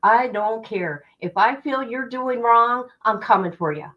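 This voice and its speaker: Slow-talking, indignant woman streamer. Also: a little high, muffled recording. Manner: indignant, talks straight to her viewers. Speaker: true-crime livestream host. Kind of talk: heated livestream commentary.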